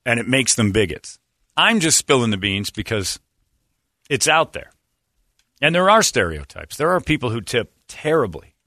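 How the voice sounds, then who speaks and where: With a mid-range voice at normal speed, an American radio host in his forties chats casually on his talk show, recorded dry with studio quality. He spins animated stories and drops into mimicked accents and other voices.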